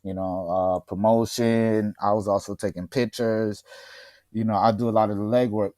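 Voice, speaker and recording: Animated middle-aged man telling stories. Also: lowish voice, normal speed, dry recording, studio quality. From Miami. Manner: animated storyteller, laughs often. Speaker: podcast co-host. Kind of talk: casual chat.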